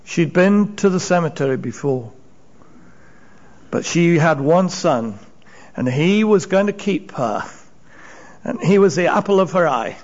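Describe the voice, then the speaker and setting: A man's voice: fairly high pitch, expressive, a little slow, long pauses, darkish tone, lo-fi sound. A man preaching a sermon, retelling Bible stories with emphasis and acted-out voices. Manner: storytelling, acting out voices, rising and falling emphasis.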